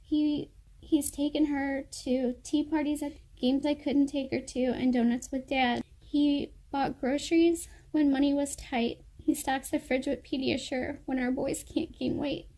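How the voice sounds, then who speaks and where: A woman's voice: high voice, steady tone, measured pace, dark tone. A woman in her thirties reading a personal letter aloud in an earnest, heartfelt way. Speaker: vlogger.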